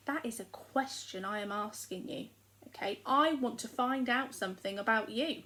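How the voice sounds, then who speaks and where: A young woman with an English accent teaches small children in a recorded lesson. Her voice sits high, and she explains slowly and clearly in an encouraging tone. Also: lively intonation, a bit bright, rough recording. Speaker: primary school teacher.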